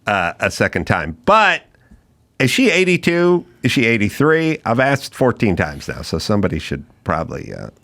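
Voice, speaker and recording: A man's voice: lowish voice, huge pitch swings, normal speed, a bit bright. A man hosting a comedy podcast, riffing sarcastically in casual chat. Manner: riffing, sarcastic, repeats himself. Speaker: podcast host.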